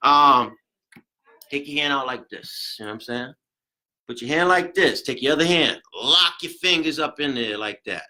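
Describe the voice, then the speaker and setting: A man teaching a CPR class, chatty and rambling, counting compressions out loud and getting out of breath. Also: mid-range voice, expressive, moderate pace, rough recording. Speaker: CPR instructor. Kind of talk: hands-on class demonstration.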